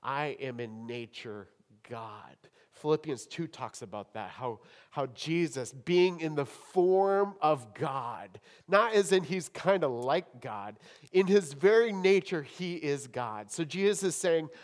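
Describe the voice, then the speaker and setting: A man preaching a sermon in a church hall, with dramatic swings between loud emphasis and hushed tones. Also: fairly high pitch, animated, slow pace. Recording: long hall reverb.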